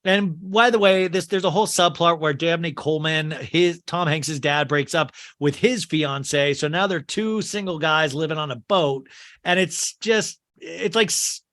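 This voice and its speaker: Podcast host guy, kinda high voice, rambly and quick with lots of ums. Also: fairly bright tone. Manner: rambling, quick retelling with fillers. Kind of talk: casual chat recapping a film.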